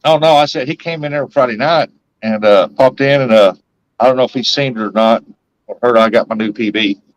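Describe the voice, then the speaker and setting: A man's voice: medium pitch, brisk, dry recording, dull audio. Rambling man, casual stream host, dry close mic. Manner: rambling, laughs often. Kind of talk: casual chat.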